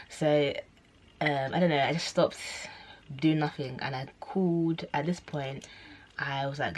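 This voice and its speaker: Low-voiced young woman rambling to camera. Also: fast talker, a little hiss or hum. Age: young adult. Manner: chatty, rambling, many "like"s and self-corrections; acts out quoted voices with sudden high squeals. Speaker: vlogger. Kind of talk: casual storytelling to camera.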